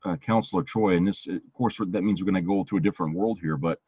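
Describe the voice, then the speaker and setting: A man's voice: deep voice, fast talker, warm tone, husky, no room sound, muffled recording. A man co-hosting a podcast in casual, rambling chat, often restarting his phrases. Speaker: podcast co-host.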